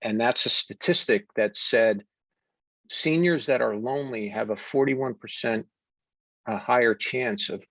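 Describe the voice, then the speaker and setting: An American man, a wellness coach, telling stories earnestly and deliberately in an interview, with frequent fillers. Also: medium pitch, a bit bright, no echo. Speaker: wellness coach and podcast guest. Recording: dull dry remote audio.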